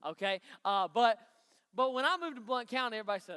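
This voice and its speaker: A man's voice: extremely high pitch, animated, fast talker, bright, forceful tone, smooth. A man from Knoxville, Tennessee, with an East Tennessee country accent, giving a chatty, folksy youth sermon and asking the crowd questions. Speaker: youth pastor. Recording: long hall reverb.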